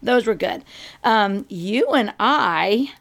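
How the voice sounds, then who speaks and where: A middle-aged woman chatting casually as a podcast co-host, telling stories in an animated way and acting out scenes. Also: medium pitch, takes it slowly, vocal fry. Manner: animated storyteller, acts out scenes with exclamations. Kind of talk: casual chat.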